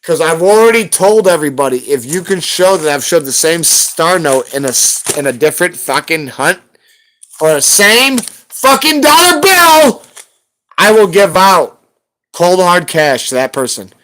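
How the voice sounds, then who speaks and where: A man's voice: on the high side, very animated, measured pace, fairly bright tone. A man on a live stream, ranting heatedly at someone and cursing constantly in a confrontational way. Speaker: livestreamer hunting for rare banknotes.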